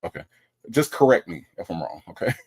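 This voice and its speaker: A man's voice: low-pitched, very animated, a little fast, darkish tone, slightly rough. A man hosting a casual livestream, reading chat comments aloud and joking, often stumbling and repeating himself.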